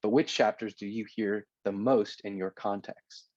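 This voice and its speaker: A man's voice: fairly low pitch, steady tone, normal speed, a little mellow, dry recording, dull audio. Man giving a conversational lecture. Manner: conversational, checks in with "okay?". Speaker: teacher. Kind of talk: recorded lecture.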